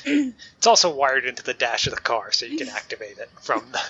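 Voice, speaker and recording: A man's voice: mid-range voice, wildly swooping pitch, fairly quick, bright, forceful tone. A man running a tabletop role-playing game in a plain, matter-of-fact way. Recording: dull lo-fi mic with faint noise.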